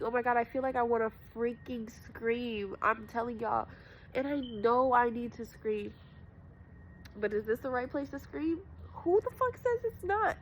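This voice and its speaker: A young spiritual vlogger tells viewers her personal story on camera, raw, emotional and profane, calling them y'all. Her voice is a little high, the audio sounds dull, and there's a little hiss or hum.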